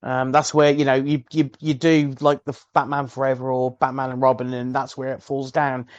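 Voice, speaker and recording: A man co-hosting a gaming podcast, talking in a hesitant, halting way. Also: medium pitch, completely flat delivery, no room sound, highs cut off. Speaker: podcast co-host. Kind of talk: casual chat.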